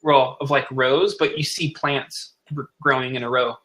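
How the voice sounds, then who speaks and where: A man narrates as game master of a tabletop game, describing scenes in a loose, rambling way. His mid-range voice is bright and forceful, steady in tone, at normal speed. The recording is low quality, with a little hiss or hum.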